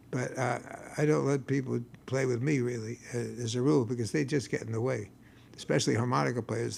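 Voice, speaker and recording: Gravelly older bluesman rambling onstage. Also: medium pitch, a little mellow, a little hiss or hum. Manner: wry, rambling, with stammered restarts. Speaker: blues guitarist and singer. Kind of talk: storytelling stage banter between songs. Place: concert stage.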